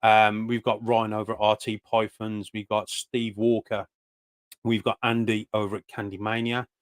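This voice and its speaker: A man's voice: lowish voice, level tone, moderate pace. A British man hosting a casual live stream, greeting viewers by name in a chatty, rambling way with many fillers. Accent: British English. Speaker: host of a live stream for snake breeders.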